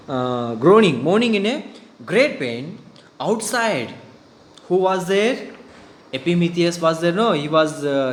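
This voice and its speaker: A man with an Indian English accent, an English teacher who reads a story aloud and explains it to students in a slow, halting way, with fillers and throat clearing. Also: sits high. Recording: echoey room, faint background hum.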